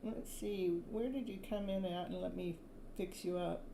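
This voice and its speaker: A California woman gives a tarot reading on a live stream, offering soothing spiritual affirmations and laughing often. Her voice is fairly low with vocal fry, she speaks at a moderate pace, and the background is noisy.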